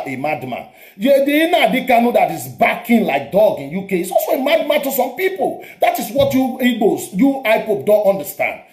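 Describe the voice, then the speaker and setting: A Nigerian man with a high-pitched voice argues politics hotly, repeating himself and cutting in over his guest. His voice rings in a roomy, echoing space. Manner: forceful, interrupting, repetitive. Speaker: show host. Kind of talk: heated political debate. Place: abroad, home.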